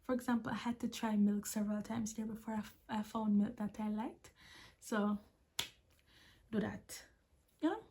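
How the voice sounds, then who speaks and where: A woman's voice: medium pitch, fairly even intonation, normal speed, long pauses, mellow, slight background noise. A young woman with a Jamaican accent giving chatty, emphatic advice in a casual vlog, often repeating her key points. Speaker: vlogger.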